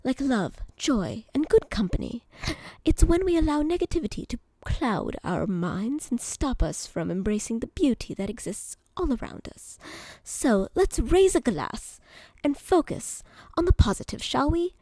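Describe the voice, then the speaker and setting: A woman voicing a cheerful British male bartender bot, reading out its replies in a deliberately bad put-on British accent. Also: sits high, very animated, dark tone, dry recording, heavily acted. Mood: genial. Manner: upbeat, genial, reading out steps. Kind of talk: reading a chatbot reply in character.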